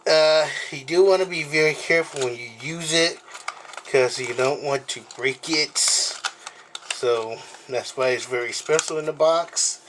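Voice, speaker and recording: A man hosting a casual unboxing vlog at home, talking in a rambling, halting way with many fillers and apologies, recorded on the camera mic. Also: fairly high pitch, background noise. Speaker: video host.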